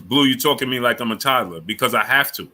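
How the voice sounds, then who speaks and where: Bright-voiced man lecturing his live chat. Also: medium pitch, fast, slight background noise. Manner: lecturing, repeats himself, greets chatters by name. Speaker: boxing channel host. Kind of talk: live stream chat, answering viewers.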